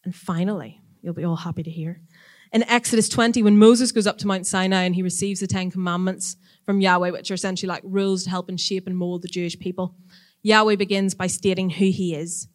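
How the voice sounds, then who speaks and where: A woman teaching a church audience in a casual, chatty sermon, lively and quick to act out voices when retelling stories. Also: lowish voice.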